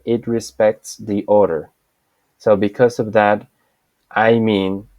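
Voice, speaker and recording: Slow, low-voiced man teaching Spanish. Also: a little mellow, no room sound. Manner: explains slowly, repeats example sentences. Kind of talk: online language lesson.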